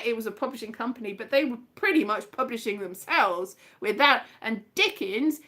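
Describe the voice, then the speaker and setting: A woman from Southeast Wales with a slightly flattened Welsh accent, chatting casually and rambling on a livestream. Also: high voice. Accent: Welsh with flattened vowels, a bit West Country. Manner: chatty and rambling, playful asides. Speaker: livestream host. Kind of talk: casual live chat.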